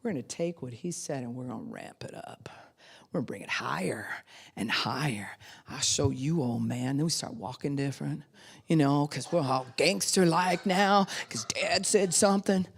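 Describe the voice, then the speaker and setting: Low-voiced woman pastor preaching animatedly. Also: normal speed, gravelly, breathy edge. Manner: animated, conversational preaching with acted-out quotes and laughter. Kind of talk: sermon.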